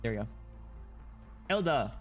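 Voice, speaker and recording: A man on a live stream reads a game story aloud and keeps stopping to react. His delivery is excitable and loose, full of laughter and casual swearing, and his pitch sits in a middling range. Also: a little slow, faint music behind.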